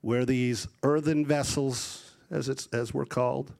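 A middle-aged man preaching a sermon, animated and rising to loud emphasis, acting out voices as he tells stories. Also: medium pitch, measured pace, vocal fry.

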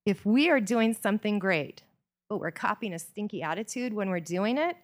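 A woman's voice: mid-range voice, expressive, normal speed. A woman preaching a sermon in a church, telling stories with earnest, varied emphasis.

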